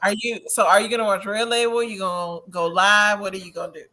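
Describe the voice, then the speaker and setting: Bright-voiced tipsy woman hosting a chat. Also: mid-range voice, fairly even intonation, quick pace. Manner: chatty, easily amused, fumbles with screen sharing. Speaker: show host. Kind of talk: casual gossip chat. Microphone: video call.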